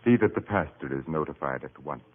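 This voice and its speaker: An actor playing a brooding aristocratic lord of a manor in a 1940s radio play, speaking in an intense, low manner. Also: male voice, animated, fairly quick. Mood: commanding. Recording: tinny lo-fi 1940s radio broadcast.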